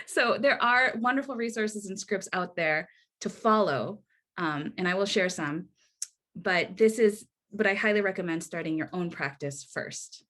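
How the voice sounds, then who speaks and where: A woman's voice: mid-range voice, expressive, a little slow, a bit bright. Earnest woman presenting over video call. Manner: earnest, conversational, many restarts and rhetorical "right?". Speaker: workshop presenter. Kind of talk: online workshop talk.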